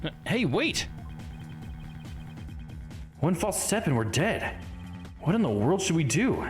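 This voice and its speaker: A man's voice: on the high side, very animated, slow, voice pushed up. Guy doing a keen young lawyer type, eager and nervous, game music faint behind. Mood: anxious. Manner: earnest, asks many questions. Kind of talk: live reading of game dialogue.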